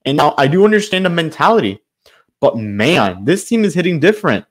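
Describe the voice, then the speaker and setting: A man's voice: on the high side, big pitch swings, a little fast. A man hosting his own sports channel, giving a frustrated, loosely improvised commentary rant full of restarts.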